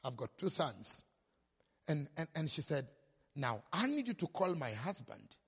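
A man's voice: a little high, big pitch swings, a little slow, slightly rough. A male pastor telling a story in a sermon, acting out the quoted voices. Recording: long hall reverb.

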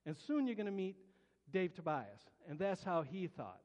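A man's voice: high voice, sing-song, moderate pace, a little mellow, dull audio. Earnest preacher man in an echoing hall. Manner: earnest, colloquial storytelling with stammered restarts. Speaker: pastor. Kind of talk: personal testimony sermon. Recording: long hall reverb.

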